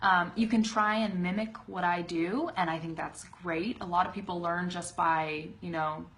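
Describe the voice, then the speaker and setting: A young woman teaching a live online English pronunciation lesson, chatty and laughing often, slowly modelling words on a webcam. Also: medium pitch, a bit bright.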